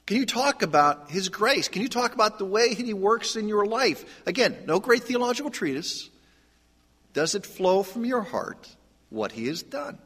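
A man preaching a sermon in a conversational way, moving between lively questions and hushed emphasis. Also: a little high. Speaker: pastor. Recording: long hall reverb.

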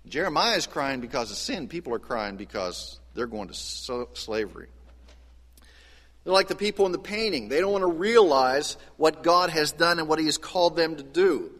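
A man gives a sermon in a church sanctuary, pitched a little high for a man. His delivery is animated, dropping low and quiet, then climbing high and loud. A long reverb from the hall trails every phrase. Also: normal speed. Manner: animated preaching with wide swings of pitch and loudness. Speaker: pastor.

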